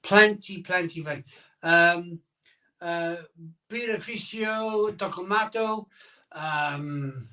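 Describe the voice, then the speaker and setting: A man's voice: on the high side, measured pace, long pauses, pushed and bright, distant mic. A man hosting a casual live stream from home, rambling and reading out viewer comments.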